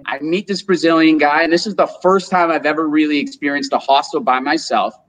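A man in his twenties from upstate New York, an interview guest telling a long personal story in a lively, animated way. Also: on the high side, brisk, rough recording. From Rochester, New York, US. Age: 20s. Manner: animated storyteller, acts out quotes. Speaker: guest, solar business owner.

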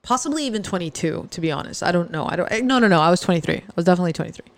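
A woman's voice: lowish voice, lively intonation, racing. A woman hosting a podcast, telling a personal story in a chatty, joking way that often breaks off mid-sentence. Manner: chatty, joking, self-interrupting. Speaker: podcast host.

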